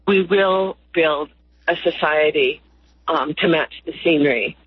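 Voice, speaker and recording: Husky woman guest on a tinny phone line. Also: low-pitched, no echo. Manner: slow, earnest, lyrical phrasing. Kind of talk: reflective interview talk.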